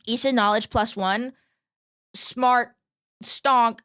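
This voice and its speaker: A woman's voice: a little high, steady tone, slow, fairly bright tone, clean tone, dry recording, clean studio sound. A young woman streaming, chatting casually with her chat in a playful, exclaiming, mock-ranting way, swearing freely. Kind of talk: casual livestream chat, reacting to chat.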